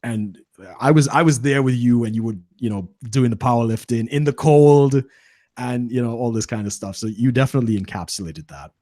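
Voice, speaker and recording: A man's voice: medium pitch, brisk, no echo, studio quality. A man hosting a casual interview, friendly and chatty, affirming his guest often. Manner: friendly, animated, frequent affirmations. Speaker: host.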